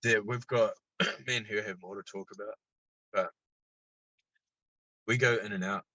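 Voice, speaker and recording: A man chatting casually as a podcast guest, laid-back, swearing freely and getting lively when he tells stories. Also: lowish voice, measured pace, no room sound, muffled recording. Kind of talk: casual chat.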